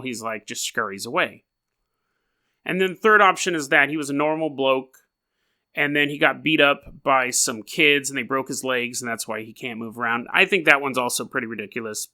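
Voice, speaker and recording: A man's voice: medium pitch, normal speed, sharp tone. A young adult man hosting a podcast, telling a story casually with rambling, jokey asides. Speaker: podcast host.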